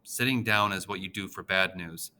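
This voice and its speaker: A man narrating an audiobook in the first person, with an expressive, emotional reading. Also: sits low, normal speed.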